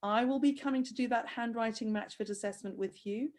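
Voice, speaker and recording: Woman host, a bit high-pitched, gushing and teary on a video call. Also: brisk, a little mellow. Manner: effusive, tearful praise. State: crying. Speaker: host of handwriting program. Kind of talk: emotional interview over video call.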